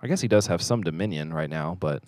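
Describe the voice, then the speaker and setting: A man's voice: deep voice, fast talker, a little mellow, no room sound. Joking man co-hosting a podcast. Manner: joking, playful, rambling. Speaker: podcast co-host. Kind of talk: casual podcast chat. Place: small studio room in a theater.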